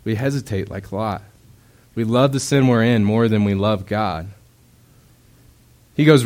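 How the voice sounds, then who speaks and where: Low-voiced young man preaching casually. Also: a little slow, pauses often. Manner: casual, conversational preaching with many fillers; acts out quoted voices with bursts of loudness. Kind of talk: sermon.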